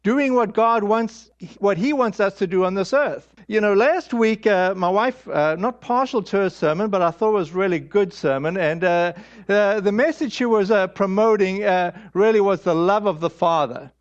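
A man with a high voice preaches a storytelling sermon, halting and candid, full of fillers and restarts. The sound is dull and lo-fi, like an old sermon recording. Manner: candid, self-deprecating.

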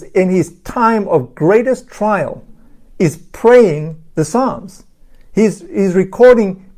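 A Bible teacher reading scripture slowly and deliberately, stopping for emphatic asides and sometimes repeating words. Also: medium pitch, mellow. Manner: repeats words and restarts phrases.

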